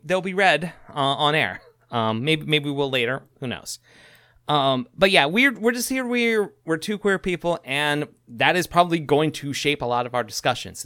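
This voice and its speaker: A man co-hosting a podcast in casual chat, rambling and halting, often laughing. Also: fairly high pitch, bright, forceful tone, dry recording, clean studio sound. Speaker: podcast co-host.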